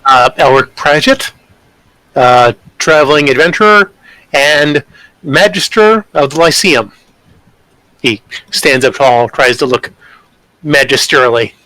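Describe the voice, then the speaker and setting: A man's voice: medium pitch, lively intonation, measured pace, long pauses, pushed and bright, no echo, rough recording. A man playing a tabletop game, speaking politely and confidently in character. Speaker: player.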